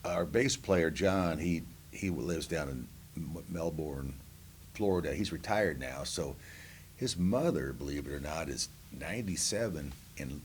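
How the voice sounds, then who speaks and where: A man's voice: a bass voice, unhurried, slight background noise. A man, a band member, speaking matter-of-factly in an oral history interview in a museum.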